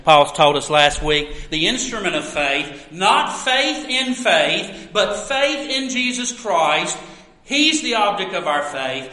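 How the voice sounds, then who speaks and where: A pastor preaching a sermon, with earnest, emphatic delivery and drawn-out stresses, in a church sanctuary. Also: male voice, on the high side, bright, forceful tone. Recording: echoey room.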